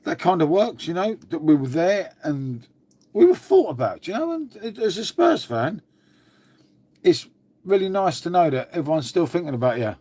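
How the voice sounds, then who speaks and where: Rambling through a relaxed livestream he hosts, an Englishman swears freely and says "mate" to everyone nonstop. He speaks at normal speed in a high-ish voice that's mellow, slightly rough and full of big pitch swings.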